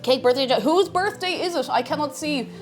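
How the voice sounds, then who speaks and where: A woman's voice: high-pitched, brisk, soft background music. A young Irish woman chatting casually on her livestream, bubbly and chatty as she greets viewers and reads their messages. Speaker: streamer.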